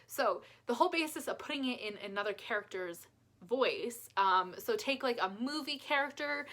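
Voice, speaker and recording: A woman life coach talks casually through self-help advice, upbeat and self-deprecating. Her voice is bright and sits a little high.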